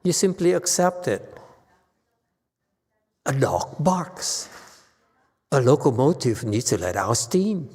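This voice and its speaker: A man's voice: mid-range voice, very animated, slow pace, pauses often, a little mellow, breathy edge. A man, a Buddhist master, giving a Dharma talk in an emphatic, sometimes playfully teasing way. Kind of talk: sermon. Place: temple hall. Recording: long hall reverb.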